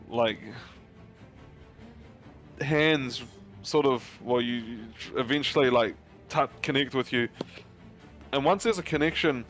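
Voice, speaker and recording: A man's voice: mid-range voice, a bit bright. A man running a tabletop game as game master, narrating loosely and hesitantly with many fillers. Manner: loose, hesitant narration full of ums and likes.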